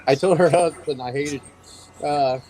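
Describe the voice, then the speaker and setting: A man chatting casually on a video call, telling lively, rambling anecdotes. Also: on the high side, normal speed, a little hiss or hum, low-quality recording. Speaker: guest. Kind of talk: casual storytelling chat.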